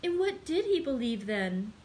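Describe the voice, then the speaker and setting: A woman's voice: high-pitched, big pitch swings, measured pace, a bit bright, slight background noise, pitched above the performer's own voice, exaggerated voice. A woman reading aloud as a grateful, tearful young woman who pleads eagerly. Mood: excited pleading. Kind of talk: read-aloud storytelling.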